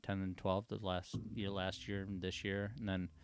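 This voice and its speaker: A man's voice: sits low, normal speed, clear, resonant tone. A young man, a motocross race official, chatting as a podcast guest and acting out the voices of people in his stories. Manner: animated storyteller acting out quoted voices. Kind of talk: casual storytelling conversation.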